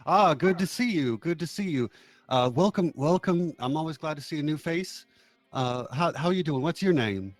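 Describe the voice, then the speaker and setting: A man voicing an earnest, fiery small-town preacher who speaks in a booming sermon cadence. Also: expressive, fairly quick, fairly bright tone, dry recording. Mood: welcoming.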